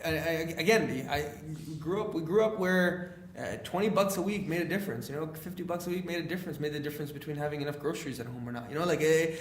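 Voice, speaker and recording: A young man from Canada, a guest on a podcast, tells stories in a lively, chatty way and acts out the voices of the people in them. His voice sits a little high for a man. The recording has a noticeable roomy echo. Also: quick pace. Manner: animated storyteller, acts out quoted dialogue with many fillers. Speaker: guest, leadership speaker. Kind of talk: casual podcast storytelling.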